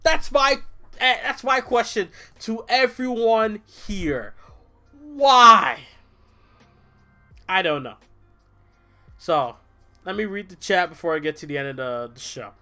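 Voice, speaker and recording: Tired, rambling high-voiced young man. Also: normal speed, soft background music. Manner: rambling, animated, swears, mimics people in quotes. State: tired from little sleep. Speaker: livestream wrestling reviewer. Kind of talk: casual livestream review.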